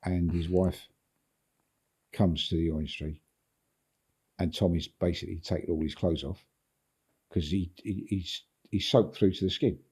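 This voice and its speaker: A man's voice: sits low, steady tone, measured pace, pauses often, mellow, breathy edge. An older English man, a guest on a podcast, telling a long anecdote in a rambling way, repeating words and chuckling as he goes. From England. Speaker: football agent, guest. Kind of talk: anecdotal storytelling in a podcast interview.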